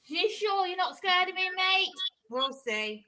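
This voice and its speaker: Angry, swearing woman guest with a high, piercing voice. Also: lively intonation, unhurried, pushed and bright. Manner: angry, profane, defensive. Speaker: panel guest. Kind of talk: heated livestream argument.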